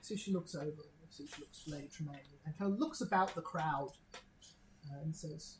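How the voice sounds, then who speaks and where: A woman's voice: sits low, a little fast, reverberant, noisy background. A woman narrating a tabletop game as game master, describing scenes with many hesitant fillers.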